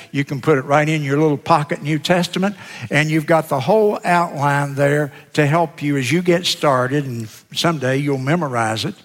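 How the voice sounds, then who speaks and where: A man preaching a practical teaching sermon as pastor, coaching his listeners step by step as he shows them a booklet. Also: fairly high pitch. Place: church sanctuary. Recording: long hall reverb.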